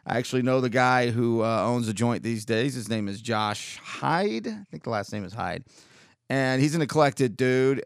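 Male podcast host, forties, American, smooth resonant voice, sarcastic storyteller, dry close recording. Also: mid-range voice, no room sound. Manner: rambling, wry and sarcastic. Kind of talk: casual solo monologue.

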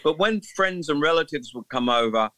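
Bright-voiced Englishman telling stories. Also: a little high, animated, normal speed, no echo. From England. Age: 60s. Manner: rambling, amused storyteller. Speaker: musician guest. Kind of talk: casual interview chat.

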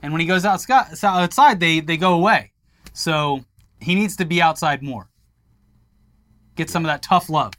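Bright-voiced man co-hosting tech news. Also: on the high side, normal speed, pauses often. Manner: wry, joking, reads quotes aloud. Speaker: news show co-host. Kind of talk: casual tech news banter.

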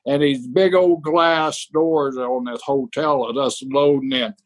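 A man's voice: mid-range voice, fairly even intonation, measured pace, no room sound. A man telling a rambling, profane anecdote from his days as a wrestling tour manager. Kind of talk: anecdotal storytelling.

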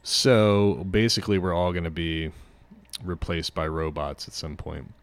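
A man's voice: deep voice, steady tone, unhurried, no echo. A man hosting a casual sports podcast, rambling through riffs and swearing freely. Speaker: podcast host.

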